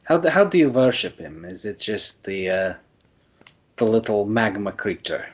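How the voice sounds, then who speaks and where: A man as a calm horned traveler. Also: on the low side, moderate pace, slightly rough. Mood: inquiring.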